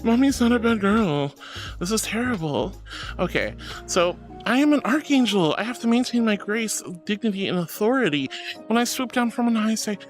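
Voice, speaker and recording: A woman streaming as a VTuber, chatting casually and playfully with her viewers and teasing them in squeaky, cutesy tones. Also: lively intonation, fairly quick, soft background music. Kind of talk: casual live-stream chat.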